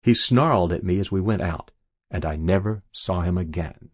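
A man reading a classic novel in measured, unhurried narration. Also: deep voice, breathy edge, no echo, clean studio sound. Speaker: audiobook narrator. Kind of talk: scripted literary narration.

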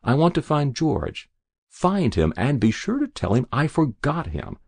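A stubborn, sharp-tongued old woman on her deathbed, peevish and quick to scold, as a male narrator reads her. The voice sits fairly low and creaky, yet swings widely in pitch. It sounds dry and close, with no room around it. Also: wildly swooping pitch, dry recording, full character voice. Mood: pleading. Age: older.

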